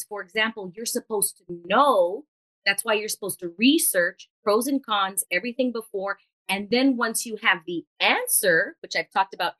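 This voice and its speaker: A woman's voice: mid-range voice, a bit bright, poor audio. A woman guest on a podcast, earnestly explaining ideas in casual chat and playfully acting out quotes.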